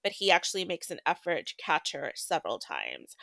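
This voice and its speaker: A woman's voice: sits low, huge pitch swings, creaky, fairly bright tone, no echo, clean studio sound. A woman co-hosting a casual book podcast, retelling the plot in a chatty way with lots of fillers. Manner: chatty, filler-heavy, quick plot recap. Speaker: podcast co-host.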